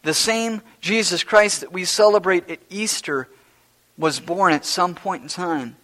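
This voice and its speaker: Emphatic high-voiced male preacher. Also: measured pace. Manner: emphatic and repetitive, swinging between hushed and loud. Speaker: pastor. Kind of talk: sermon. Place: church service before a congregation.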